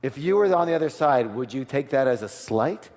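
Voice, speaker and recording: A man giving an energetic sales seminar, asking the audience for call-and-response and switching to a soft, quiet voice to act out offers. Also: medium pitch, brisk. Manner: drops to a soft, quiet voice for role-played offers. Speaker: seminar speaker. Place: large hall with a live audience. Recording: long hall reverb.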